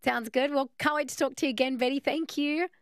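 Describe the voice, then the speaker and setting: A woman's voice: sits high, fairly even intonation, quick pace, no room sound, studio quality. A woman with an Australian accent hosting a radio call-in, upbeat and encouraging with her callers. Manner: upbeat, encouraging, laughs often. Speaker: radio host.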